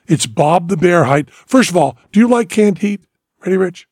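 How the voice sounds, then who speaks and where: A man hosts a casual podcast chat, spinning long excited stories about music and now and then breaking into song. His voice sits a little higher than most men's. The sound is close and dry, with no room around it. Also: moderate pace, no echo. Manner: animated storyteller, bursts into sung snippets. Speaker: podcast host.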